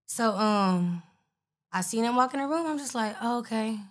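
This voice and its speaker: A woman's voice: fairly high pitch, lively intonation, normal speed. A woman rapper, a guest in an interview, casually telling stories in a blunt, profane way and acting out the other people's lines. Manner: blunt, profane, retells exchanges with quoted voices.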